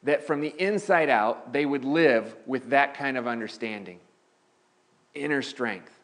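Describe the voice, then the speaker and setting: A male pastor speaks unhurriedly in a mid-range, slightly bright voice as he gives a sermon in the church sanctuary. He keeps it conversational, restarting often and pushing his voice up on key ideas.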